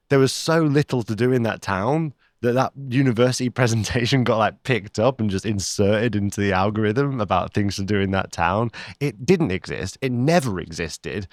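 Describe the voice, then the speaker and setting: Low-voiced man telling a travel story. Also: no room sound, clean studio sound. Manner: storytelling, relaxed and chatty. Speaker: podcast co-host. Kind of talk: casual chat.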